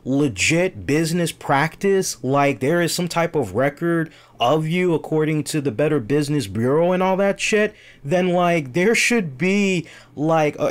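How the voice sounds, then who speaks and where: A man in a casual live-stream rant, retelling an annoying phone ordeal with animated, exasperated quoted dialogue. His voice sits a little higher than most men's. He talks straight to his viewers in a loose, conversational way. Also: normal speed. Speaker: show host.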